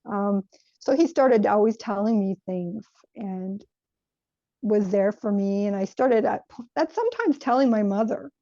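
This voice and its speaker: A woman recounting a spiritual experience from her childhood in an earnest, reflective way, often pausing to search for words. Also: medium pitch, lively intonation, dark tone, dry recording, muffled recording. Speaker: guest sharing a spiritual experience. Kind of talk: personal storytelling.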